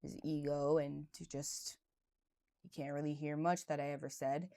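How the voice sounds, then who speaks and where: Female podcast host, low warm voice, candid confessional storyteller, casual and chatty. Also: little pitch movement, moderate pace. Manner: casual and conversational, with frequent "like" and "right". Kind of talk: personal reflective monologue.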